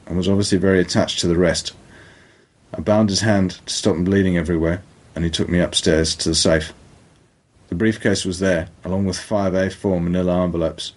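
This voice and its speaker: A man's voice: low-pitched, steady tone, fairly quick. A man with a British accent reading a crime audiobook in a dry, matter-of-fact way. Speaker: narrator. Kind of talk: audiobook narration.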